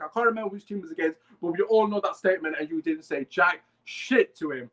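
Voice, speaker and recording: A young man hosting a live fan podcast rants heatedly, swearing and reading out chat comments. His high-pitched, slightly bright voice comes fast with few pauses, and the recording is rough.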